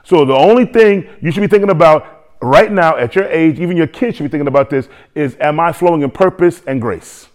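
Man, pastor preaching, fairly high voice, lively, joking asides, repetitive. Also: brisk. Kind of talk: sermon.

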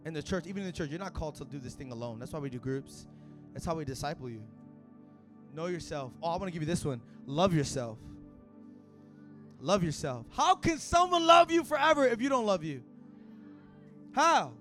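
A man preaching a sermon at a church service in casual, slang-filled talk that rises to shouts. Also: a little high, animated, a little fast, long pauses, soft background music. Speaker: pastor.

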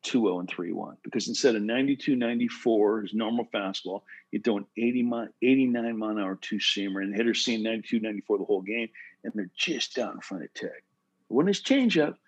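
A man who played pro baseball giving casual, animated advice to pitchers, full of "bro" and "right?". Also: fast, lo-fi sound. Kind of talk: casual coaching talk.

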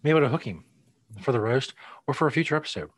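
A man co-hosting a casual podcast chat, laid-back, with dry asides and quick chuckles. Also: medium pitch, expressive, no echo. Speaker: co-host.

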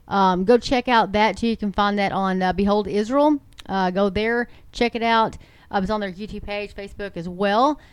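A woman from Texas hosts an online show in a loose, chatty commentary style. She rambles, corrects herself and fills pauses. Her voice sits at a middle pitch and stays smooth and clear, climbing high when she makes a point. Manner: chatty and rambling, with many fillers and self-corrections. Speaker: host of an online ministry show. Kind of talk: casual commentary.

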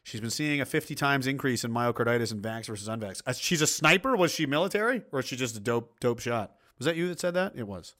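Foul-mouthed man ranting with a bright, forceful voice. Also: mid-range voice, lively intonation, quick pace, few pauses. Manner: crude, mocking, blunt. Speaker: livestream host reading chat. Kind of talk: profane ranting commentary.

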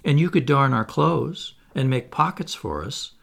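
A man with a gravelly, husky voice voicing an eager, boastful boy who can fly, in a storybook reading. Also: mid-range voice, a little slow, heavily acted. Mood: coaxing. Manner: lively, coaxing.

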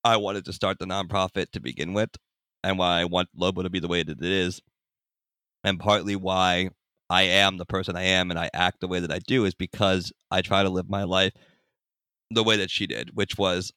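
Bright-voiced young man telling a story. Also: low voice, moderate pace, clear, resonant tone, no echo, clean studio sound. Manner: animated, acts out voices in anecdotes. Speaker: guest. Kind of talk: casual storytelling.

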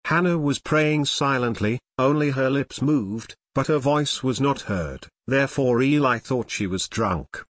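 A man reading a scripture passage aloud in a measured, even way for a church service. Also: mid-range voice, no echo, clean studio sound. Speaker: scripture reader.

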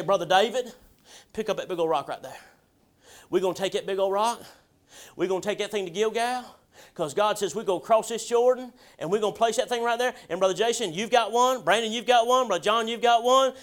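A male pastor delivers a sermon. His voice sits high, and his folksy, emphatic delivery builds to shouts at times. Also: fairly quick.

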